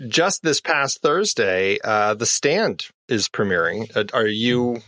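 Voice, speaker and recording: A man's voice: medium pitch, expressive, takes it slowly, fairly bright tone, no echo. Rambling man, mid voice, dry mic. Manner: rambling, fillers, leads questions. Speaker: podcast co-host. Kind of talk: casual movie chat.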